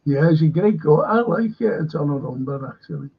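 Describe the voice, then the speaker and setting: A man hosting a live stream, reading out viewer comments in a rambling, slow way with asides. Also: on the high side, lively intonation, vocal fry, breathy edge, phone-quality sound. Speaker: host.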